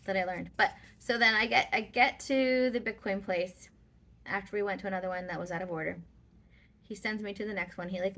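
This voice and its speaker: A woman's voice: medium pitch, creaky, fairly bright tone. A woman vlogger telling a personal story in casual, rambling talk with many fillers.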